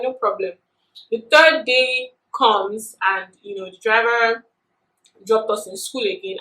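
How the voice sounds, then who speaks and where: A woman's voice: fairly high pitch, echoey room, poor audio. A young adult woman vlogger telling a personal story in a casual, chatty way with lots of fillers. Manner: chatty, animated retelling with many fillers.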